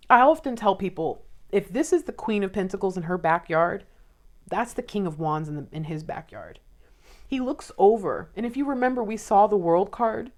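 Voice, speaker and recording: A woman's voice: mid-range voice, expressive, moderate pace, darkish tone. A woman giving a casual, emotional tarot reading and talking straight to her viewers. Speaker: tarot reader.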